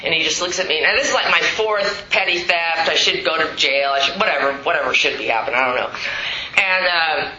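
A woman's voice: sits low, a little fast, pushed and bright. A woman speaking at a recovery meeting, telling her story with frank, profane, self-mocking humor. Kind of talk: candid storytelling talk. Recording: roomy hall, dull lo-fi sound, noisy.

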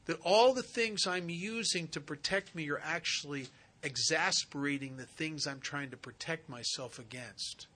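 A man giving a spiritual recovery talk, telling stories and acting out the dialogue in an animated way. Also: a little high, moderate pace.

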